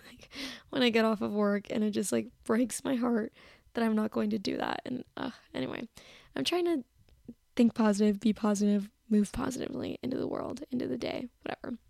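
A woman's voice: fairly high pitch, gravelly, darkish tone, no room sound, studio quality. A woman in her twenties hosting a podcast, chatting casually on her own from her bedroom in a rambling, self-critical way. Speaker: podcast host. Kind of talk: casual solo chat. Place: bedroom, sitting on her bed. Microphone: personal mic.

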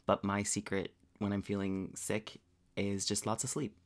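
A man's voice: fairly low pitch, monotone, normal speed. Drag queen co-host, congested voice, bubbly chatter, remote call. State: stuffed up from a cold. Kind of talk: casual chat. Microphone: remote call setup.

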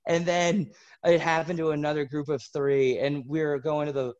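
A podcast host casually telling a story, animated and laughing through it. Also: male voice, a little high, normal speed, highs cut off.

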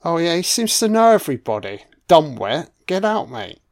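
A man's voice: on the high side, big pitch swings, normal speed. A man giving a live, profanity-laced reaction commentary over a film, talking back at the characters on screen.

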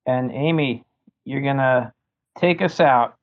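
Relaxed moderator, mid-pitched man, phone-like tinny audio. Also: slow pace. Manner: easygoing, chatty, calls on speakers. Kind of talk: casual chat.

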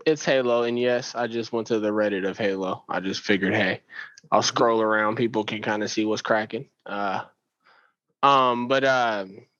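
A man's voice: lowish voice, fairly even intonation, moderate pace, fairly bright tone, no echo, lo-fi sound. A man in a casual gaming chat, laid-back and slangy, trailing off with fillers. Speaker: podcast guest.

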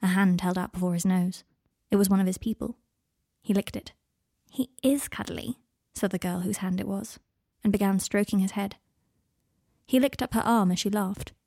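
A woman hosting a podcast, reading her own fanfiction aloud in an even, measured storybook narration on a close mic. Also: medium pitch, dry recording.

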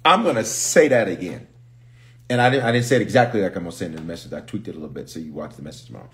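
A man, a pastor, chatting casually on a livestream and reading viewer comments aloud with lively energy. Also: low-pitched, racing.

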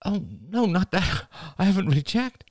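A man puts on a flustered woman friend for an audiobook, lifting his low voice well higher for her. She stammers and apologizes in breathless, uneven bursts. Dry, close sound. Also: lively intonation, normal speed, no room sound. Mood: halting. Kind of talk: audiobook character voice.

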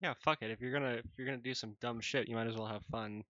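A man's voice: mid-range voice, fairly even intonation, quick pace, sharp tone, no echo. A man hosting a casual podcast chat, joking loosely and swearing freely. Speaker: podcast host. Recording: dull dry recording.

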